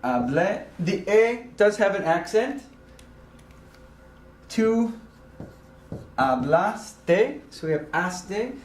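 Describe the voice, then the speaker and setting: Slow, deliberate man teaching grammar. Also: high voice, lively intonation, reverberant, slight background noise. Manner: slow, deliberate explaining with frequent ums and uhs. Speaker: Spanish teacher. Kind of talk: recorded grammar lesson.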